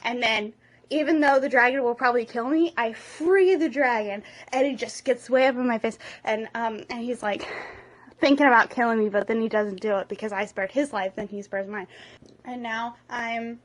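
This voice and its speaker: A woman's voice: fairly high pitch, moderate pace. A young woman doing a comic, self-mocking retelling of a movie, acting out all the parts herself. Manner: breathless, jokey and self-mocking. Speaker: comedic solo performer.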